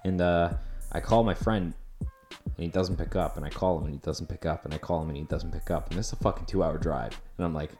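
A man from Canada telling a long story on a casual chat podcast, animated and swearing, with frequent laughs. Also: deep voice, brisk, over music. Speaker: podcast co-host.

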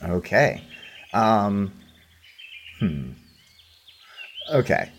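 A man's voice: fairly low pitch, big pitch swings, very slow, a little hiss or hum. A man narrating as game master, hesitant and full of fillers.

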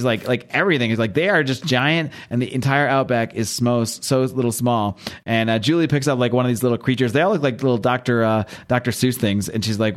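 A man hosting a casual podcast, chatting and recapping a comic book, often acting out the characters and laughing at himself. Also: mid-range voice. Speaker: podcast host.

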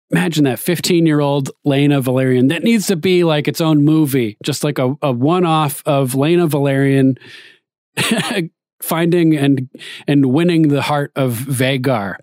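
A man's voice: fairly high pitch, darkish tone, no room sound. Laughing man recapping a show, dry sound. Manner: laughs often, acts out dialogue in playful paraphrase. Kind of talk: casual episode recap.

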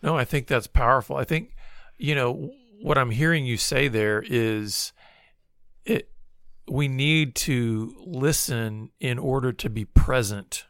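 A man's voice: medium pitch, a little slow, fairly bright tone, no echo, clean studio sound. A man in conversation, thoughtfully restating and reflecting on ideas. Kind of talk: conversational discussion.

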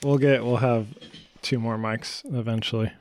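Laid-back podcast host, man, mumbly, middle pitch. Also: steady tone, moderate pace, darkish tone. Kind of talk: casual chat.

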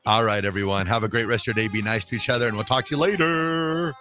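A man's voice: fairly low pitch, fast talker, bright, forceful tone. A man hosting a morning radio show, chatting casually and signing off to listeners.

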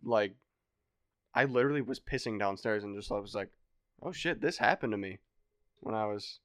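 Animated young man telling a wild story. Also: on the low side, moderate pace, dry recording, clean studio sound. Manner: animated, swearing, acts out voices loudly. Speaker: podcast guest. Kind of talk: casual storytelling chat.

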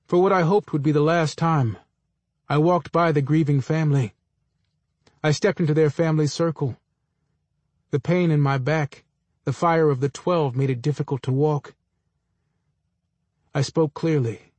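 A man reading a first-person story aloud in a measured, dry storytelling manner. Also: a little high, fairly even intonation, a little mellow, dry recording. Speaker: narrator.

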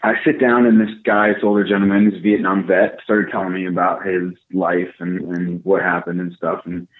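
A young man telling a casual story, animated and profane, acting out what people said. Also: low voice, normal speed. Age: young adult. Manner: animated, profane, acts out quotes. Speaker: podcast co-host. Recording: tinny phone-like line.

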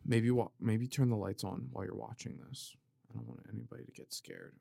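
A man hosting a podcast, talking in a rambling, tangent-hopping casual monologue with plenty of swearing and animated emphasis. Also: lowish voice, brisk, vocal fry, slightly rough, no room sound, studio quality. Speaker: podcast host.

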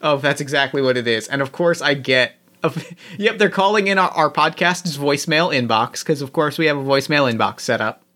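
A man playing a tabletop role-playing game, talking in halting restarts and explaining the rules. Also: a little high, bright, forceful tone. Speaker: player. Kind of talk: casual tabletop game play.

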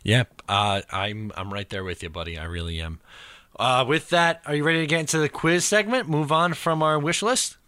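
A man's voice: on the high side, moderate pace, sharp tone, smooth, no room sound. A man co-hosting a casual sports podcast, easygoing and jokey. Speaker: podcast co-host.

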